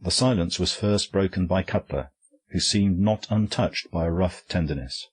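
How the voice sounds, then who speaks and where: A man narrating an audiobook in a steady, even storytelling manner. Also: deep voice, moderate pace, husky.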